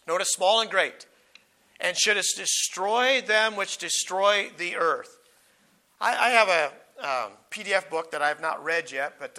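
Delivering a Bible teaching sermon, a man with a high-pitched, bright, forceful tone reads scripture slowly with emphasis. He stumbles over asides, and his voice turns hoarse as he clears his throat.

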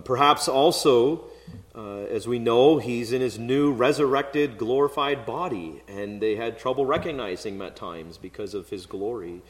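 Man preaching in an echoing hall. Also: mid-range voice. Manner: conversational, relaxed storytelling with occasional fillers. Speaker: pastor. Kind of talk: expository sermon. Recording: long hall reverb.

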